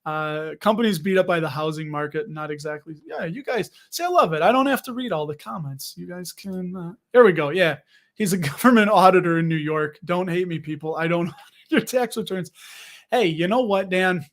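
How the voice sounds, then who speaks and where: Chatty high-voiced man hosting a livestream. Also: brisk. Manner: chatty, rambling, jokey, with frequent fillers and self-interruptions. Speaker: livestream host reading viewer comments. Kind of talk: casual livestream chat about dividend investing.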